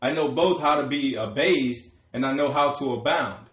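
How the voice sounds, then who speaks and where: Man, scripture reading, formal, steady, echoey room. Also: medium pitch, moderate pace. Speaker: scripture reader.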